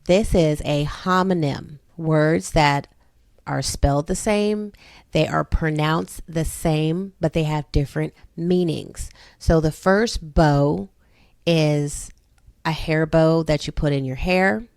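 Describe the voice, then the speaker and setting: Homeschool mom, 30s, lower-pitched woman, patient step-by-step phonics teacher, dry close sound. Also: a little mellow, dry recording. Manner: slow, patient, explaining step by step. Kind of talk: phonics lesson for her children.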